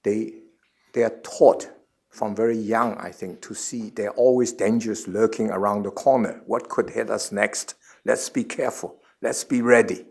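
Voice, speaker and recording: A man in his seventies answering questions as a guest at a forum, earnest and halting, often repeating words before he finds the next phrase. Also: on the low side, fairly even intonation, creaky, darkish tone, breathy edge. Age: 70s. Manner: earnest, measured explanation. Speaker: guest speaker.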